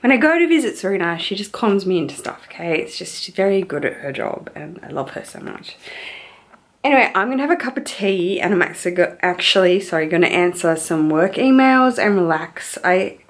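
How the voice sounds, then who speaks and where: A woman's voice: fairly low pitch, very animated, a little fast. A young Australian woman, a new mum, chatting casually and rambling to camera at home. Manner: chatty and rambling, hushed at times. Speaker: vlogger. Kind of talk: casual vlog chat.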